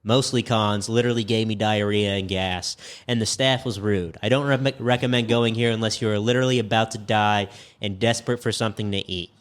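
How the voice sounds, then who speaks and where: A man co-hosting a casual comedy podcast, reading reviews aloud in a deadpan way. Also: fairly low pitch, brisk, few pauses. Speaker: podcast co-host.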